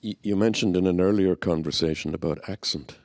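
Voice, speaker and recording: A man moderating a panel discussion, asking questions in a measured way. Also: low-pitched, a little mellow.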